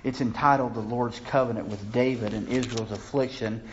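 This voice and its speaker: A man's voice: medium pitch, fairly even intonation, moderate pace, slight background noise. Earnest preacher man, lo-fi sound. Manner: earnest, rising to impassioned pleading when reading scripture. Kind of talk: sermon. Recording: slightly dull, lo-fi with faint ambience.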